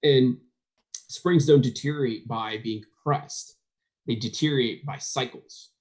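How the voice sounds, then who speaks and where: A man chats as a podcast guest, relaxed and conversational. He throws himself into acting out what others said, jumping up in voice for the quotes before settling back into an even, mid-range delivery. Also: mid-range voice, measured pace. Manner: animated, acts out quoted dialogue. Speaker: guest, firearms trainer. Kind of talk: casual podcast chat.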